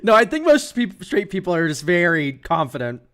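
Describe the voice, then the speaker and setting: A young man with a high voice chats casually on a stream. He rambles and jokes sarcastically, laughing often between thoughts. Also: very animated, normal speed, a bit bright. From United States. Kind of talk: casual chat.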